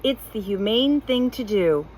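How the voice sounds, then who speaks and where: A woman reading a storybook aloud, voicing a stern, practical mother who talks slowly and insistently. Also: fairly high pitch, expressive, darkish tone, a little hiss or hum, rough recording. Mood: firm. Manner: slow, insistent, spells words out. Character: stern, practical, impatient middle-aged mother.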